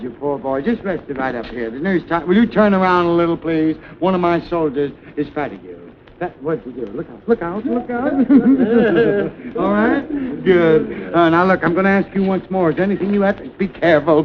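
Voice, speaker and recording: A flustered firing-squad commander. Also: male voice, slight background noise. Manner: excitable, flustered and giggly, swinging wildly in pitch. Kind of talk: 1920s film comedy sketch. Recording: muffled 1929 film soundtrack.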